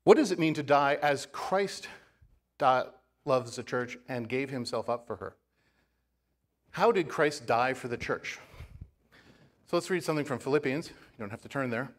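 A man pastor giving a sermon, telling a story in a relaxed, conversational way with asides to the congregation. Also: medium pitch, normal speed, long pauses. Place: church.

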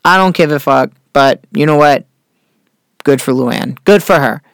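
A man hosting a casual pop-culture chat, gossiping with sarcasm, swearing freely and filling pauses with "uh". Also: a little high, fairly bright tone, no echo, studio quality. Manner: chatty, gossipy, swears freely, many fillers; sarcastic, repeats catchphrase. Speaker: podcast host.

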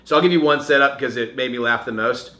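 A man chatting casually as a podcast co-host, retelling film scenes with acted-out quotes. His voice is bright and forward. The room gives it a noticeable echo. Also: medium pitch, fast. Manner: animated storyteller, acts out quotes. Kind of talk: casual movie discussion. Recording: echoey room.

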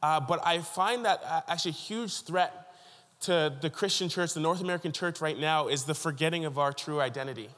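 A man preaching a sermon, his voice sitting a touch higher than most men's. He tells stories earnestly, often restarting his sentences. His words ring with the long reverb of a big church hall. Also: a little fast, a bit bright. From Canada (Ontario). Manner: earnest storytelling with frequent restarts. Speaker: pastor.

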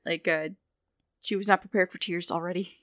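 A woman's voice: fairly low pitch, steady tone, brisk, a bit bright, no echo, clean studio sound. Flustered woman at a game table. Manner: flustered, hesitant. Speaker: player. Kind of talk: casual chat during a tabletop game.

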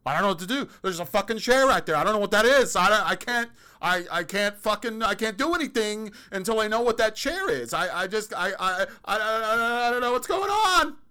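A man's voice: high voice, big pitch swings, brisk, few pauses, pushed and bright, clean tone, pitched above the performer's own voice, exaggerated voice. A man voicing a bewildered, panicked man who stammers and shrieks at everyday objects. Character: panicked bewildered man, terrified of ordinary things.

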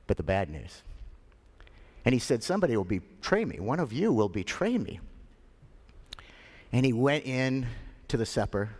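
A male pastor preaching a sermon, retelling scripture with animated delivery and dramatic pauses. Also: fairly low pitch, long reverb tail. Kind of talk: sermon storytelling.

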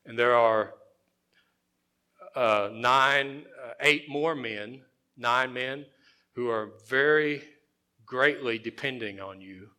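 Bright-voiced male pastor preaching. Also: medium pitch, slow, pauses often, clean tone. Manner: conversational preaching, dropping to quiet emphasis, repeats phrases. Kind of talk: sermon.

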